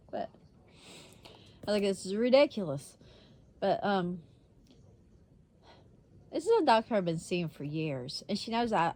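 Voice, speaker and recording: A woman's voice: lowish voice, darkish tone. A woman vlogger telling a story in a casual, blunt way, swearing freely and laughing often.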